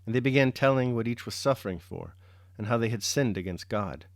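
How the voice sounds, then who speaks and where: A man reading a classic novel aloud, chapter by chapter, in a measured, steady way, then reflecting on it as host. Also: medium pitch, no echo, clean studio sound. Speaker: reader and host. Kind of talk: audiobook-style novel reading.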